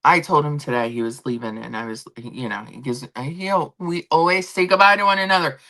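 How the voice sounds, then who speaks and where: A woman's voice: deep voice, brisk, fairly bright tone. A woman hosting a casual stream from home, chatting and telling everyday stories with acted-out quotes. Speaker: streamer host. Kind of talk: casual chat. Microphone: laptop and phone setup.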